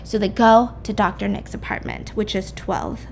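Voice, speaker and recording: A woman's voice: medium pitch, normal speed, gravelly, slight background noise. A young woman casually recapping a mystery novel, chatty and swearing freely as she acts out the characters' lines. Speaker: YouTuber retelling a mystery novel.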